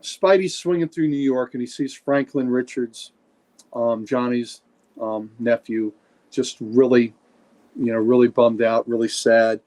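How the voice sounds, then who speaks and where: A man's voice: mid-range voice, steady tone, a little slow, a little mellow. A man co-hosting a comics podcast, chatting casually and telling a story with enthusiasm. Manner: enthusiastic, storytelling, frequent fillers. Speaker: podcast co-host.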